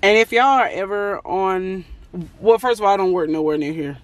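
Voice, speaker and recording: A woman with a medium-pitched voice and moderate pace vlogs casually about her day, holding her phone at arm's length. A lash technician and vlogger, she's chatty, rambling, and often exasperated in this selfie-style video.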